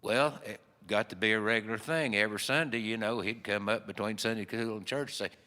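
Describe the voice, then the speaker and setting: A man's voice: fairly low pitch, fairly even intonation, brisk, sharp tone. A man with an Appalachian accent telling a folksy story in a rambling, easygoing way full of fillers. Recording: long hall reverb.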